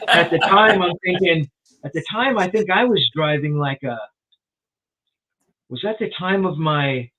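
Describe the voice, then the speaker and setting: This guest is a rock journalist and author in his sixties, telling a rambling story in a casual interview, full of restarts and "you know." He speaks a little slowly, with a sharp tone on the high side. The audio is tinny, as if over a phone.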